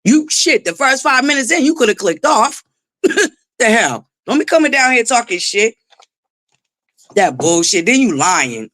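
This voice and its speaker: Lively, dry-voiced woman livestream host. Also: a little high, measured pace, no echo. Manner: greets chatters by name, laughs often, swears freely. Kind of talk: casual livestream chat.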